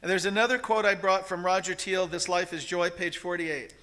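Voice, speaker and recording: A man's voice: high-pitched, steady tone, brisk, pushed and bright. A man giving an interactive spiritual talk to a congregation, often asking the audience questions. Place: church service hall.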